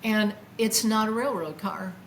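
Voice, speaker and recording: A woman in her seventies telling a personal testimony, animated and acting out her own past exclamations. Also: mid-range voice, a little slow, a little hiss or hum. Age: 70s. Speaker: near-death experience witness.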